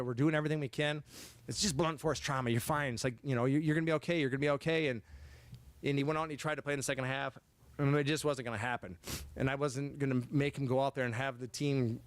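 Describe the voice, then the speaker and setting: A man in his forties, a head football coach giving a banquet speech, talking in halting, stammering repeats and getting emotional at times. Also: fairly high pitch, no room sound. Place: banquet hall, indoors.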